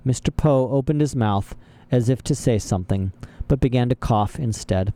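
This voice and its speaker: A man's voice: medium pitch, normal speed, warm tone. A man reading a storybook aloud as narrator, with dry, wry asides. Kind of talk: audiobook narration.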